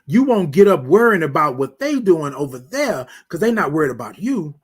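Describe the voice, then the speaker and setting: Husky-voiced man preaching self-love. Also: a little high, sing-song, normal speed. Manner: preacherly, repeats phrases, drops to near whisper on refrains; addresses listeners as "y'all". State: emotional. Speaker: host. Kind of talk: motivational morning talk.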